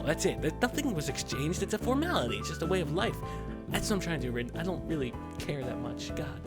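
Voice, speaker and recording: A young man hosting a gaming channel, rambling and swearing casually through let's-play commentary. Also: on the high side. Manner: rambling, swears, rants with rising energy. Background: game music.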